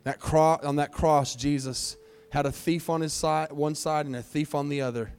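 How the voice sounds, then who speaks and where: A pastor leading an altar call during a church service, speaking earnestly with pleading, repeated phrases. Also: male voice, fairly high pitch, steady tone, normal speed, darkish tone, clean tone.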